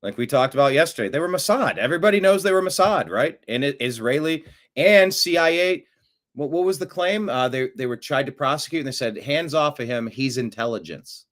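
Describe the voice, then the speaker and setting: Hosting a talk show, a brisk, animated man with a medium-pitched voice rambles through opinionated political commentary, veering from muttering to loud outbursts.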